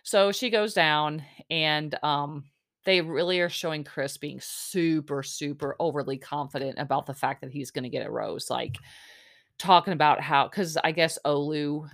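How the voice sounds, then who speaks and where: A woman's voice: low-pitched, moderate pace, no room sound, clean studio sound. A woman casually recapping a reality TV episode in a chatty, opinionated way, full of "like" and "um". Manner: chatty, filler-heavy, with frequent "like" and "um"; opinionated storytelling.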